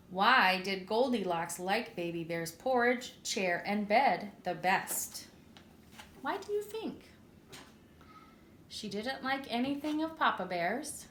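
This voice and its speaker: Slow, expressive woman teacher reading a story. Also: on the high side, slight background noise. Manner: clear, expressive, asks the children questions. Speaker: preschool teacher. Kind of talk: reading a story aloud to children. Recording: echoey room.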